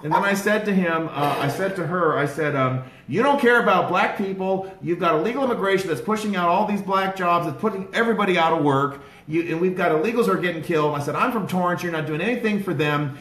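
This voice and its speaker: Talking fast in a high voice with hardly any pauses, a man rambles excitedly about his day to a small group of supporters outside in a city, getting louder and more heated. The clip, shot on a bystander's handheld phone, is echoey with background noise.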